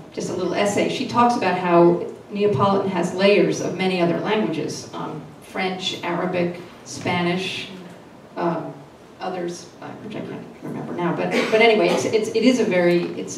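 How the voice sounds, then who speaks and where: A woman translator answering panel questions in a halting way, with many fillers and restarts. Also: on the low side, fairly even intonation. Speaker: literary translator. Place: literary event hall. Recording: echoey room, distant mic, noisy.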